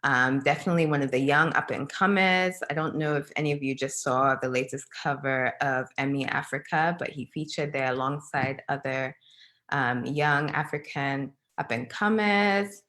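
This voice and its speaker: A young woman hosting an online talk over a video call, speaking in a friendly way with many pauses. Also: extremely low pitch, a bit bright, low-quality recording. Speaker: host.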